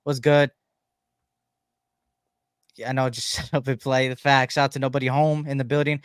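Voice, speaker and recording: A man's voice: mid-range voice, little pitch movement, normal speed, clean tone, dry recording, clean studio sound. A man hosting a fan podcast live stream, greeting viewers in an upbeat, repetitive way. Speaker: podcast host. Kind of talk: live stream chat shout-outs.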